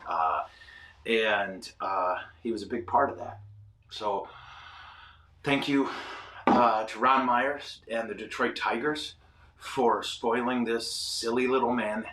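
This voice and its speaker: A man hosting a casual ministry show, telling animated, self-deprecating stories with lots of fillers. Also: mid-range voice, slow, roomy sound, distant mic, a little hiss or hum. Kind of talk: casual storytelling chat. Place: ministry studio.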